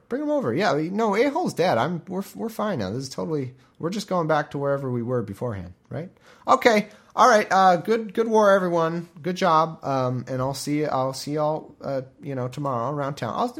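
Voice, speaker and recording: A man voicing a nervous ancient soldier who awkwardly smooths things over in a high, overly casual voice. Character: sheepish ancient male soldier, nervously backpedaling.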